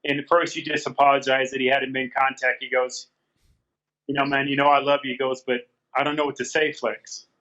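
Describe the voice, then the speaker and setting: A man's voice: mid-range voice, level tone, brisk, sharp tone. A man guest in a casual interview, retelling phone conversations with quoted back-and-forth lines, speaking over a remote call from a garage. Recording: dull, lo-fi call audio.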